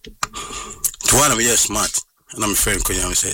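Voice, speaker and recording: Husky man, set back from the mic. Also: fairly low pitch, a little slow, dry recording, far from the mic. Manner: animated, mixes in English phrases, acts out what others said. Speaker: interview guest. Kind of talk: recounting a personal story.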